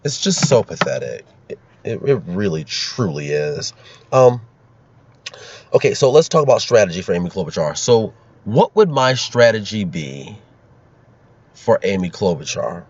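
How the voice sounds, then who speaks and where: A man's voice: lowish voice, very animated, measured pace, breathy edge, dry recording. A man hosting his own political commentary, sarcastic and ranting, laughing at his own jokes. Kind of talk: opinionated solo commentary. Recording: dull lo-fi recording.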